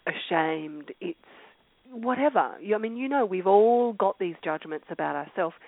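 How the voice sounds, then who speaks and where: A woman coach leading a call, talking in a heartfelt, reflective way with many restarts and an occasional cleared throat. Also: medium pitch, no echo, phone-quality sound. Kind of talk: earnest motivational talk.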